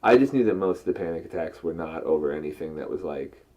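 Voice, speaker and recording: On a relaxed couples podcast, a male co-host chats and rambles, cursing freely as he goes. He has a low voice with lively intonation and a quick pace, and the mic sounds muffled and lo-fi.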